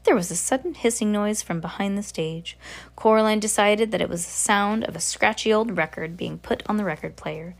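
A woman reading a novel aloud in a steady voice, now and then slipping and correcting herself. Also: medium pitch, moderate pace, gravelly. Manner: steady reading with occasional slips and self-corrections. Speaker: audiobook reader.

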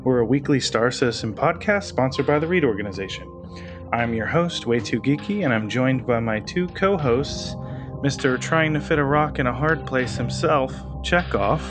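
Podcast host, male, middle pitch, playful and chatty, faint music behind. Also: lively intonation, normal speed. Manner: jokey, playful introductions. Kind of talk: casual podcast chat.

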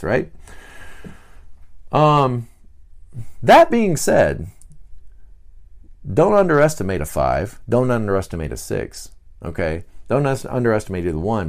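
A man hosting a podcast, explaining personality types in a casual teaching monologue and acting out the people he describes in short bursts. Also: fairly low pitch. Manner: animated, acts out quick voices of people he describes. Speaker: podcast host.

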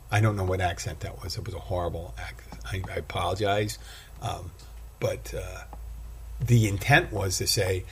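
A man's voice: low-pitched, steady tone, moderate pace, vocal fry, slight background noise. A man hosting a casual solo podcast, rambling and self-deprecating as he talks. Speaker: podcast host and bartender.

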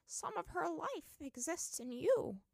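A woman voicing an old woman healer, speaking slowly in a high, hushed way. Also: big pitch swings, vocal fry, no echo, clean studio sound, full character voice. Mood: awed.

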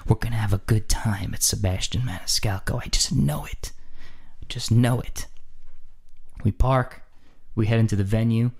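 A man's voice: fairly low pitch, normal speed, long pauses, slightly rough. A man telling a funny story in a casual podcast chat, acting out scenes and repeating lines for effect, close to a studio mic. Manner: animated, acts out scenes, repeats phrases for effect. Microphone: studio microphone.

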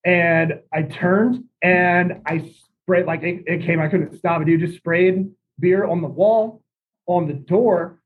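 A man's voice: high voice, fairly even intonation, slow pace, a little hiss or hum. A young man telling a rambling party story in a laid-back, chuckling way. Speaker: podcast guest. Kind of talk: casual storytelling. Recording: tinny phone-like audio.

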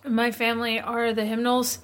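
Curious woman player, higher voice. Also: monotone, normal speed, fairly bright tone. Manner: curious, questioning. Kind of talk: casual tabletop play.

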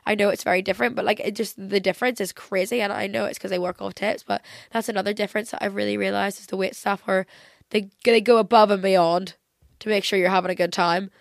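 A woman's voice: mid-range voice, steady tone, fast talker, gravelly, no echo, clean studio sound. A young woman from England, hosting a casual chat podcast and talking chattily with lots of fillers. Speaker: podcast host.

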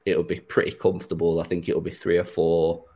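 A man's voice: deep voice, monotone, a little fast, darkish tone, slightly rough, low-quality recording. A man hosting a podcast, chatting casually about football with a rambling, easygoing manner and frequent laughs. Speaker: podcast host.

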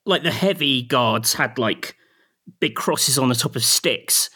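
A man's voice: medium pitch, lively intonation, measured pace, pushed and bright, slightly rough. A man co-hosting a podcast, chatting casually about a game and stumbling over his first words. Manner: stumbling, repeats words before getting going. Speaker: podcast co-host.

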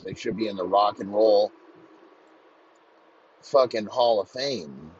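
A man ranting crudely and mockingly, swearing constantly in a comedic tirade. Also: mid-range voice. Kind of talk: profane comedic rant. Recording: slightly muffled lo-fi recording, faint background noise.

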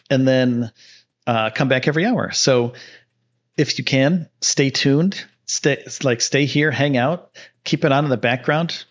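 A man hosting a livestream in casual chat, easygoing and rambling as he talks to viewers. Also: mid-range voice. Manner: rambling and easygoing, with frequent fillers and restarts. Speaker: livestream host. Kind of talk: casual live-stream chat, reading chat and an ad. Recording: dull lo-fi stream audio.

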